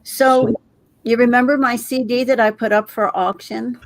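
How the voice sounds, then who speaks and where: A woman's voice: a little high, fairly even intonation, moderate pace, creaky, dry recording. Chatty woman co-host, dry sound. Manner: chatty, rambling storyteller. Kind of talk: casual chat.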